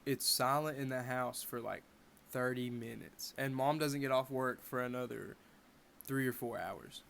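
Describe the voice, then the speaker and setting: A young man in his bedroom telling a personal story to camera in a casual, animated way with wry asides. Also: medium pitch, measured pace, creaky, slight background noise. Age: young adult. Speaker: vlogger.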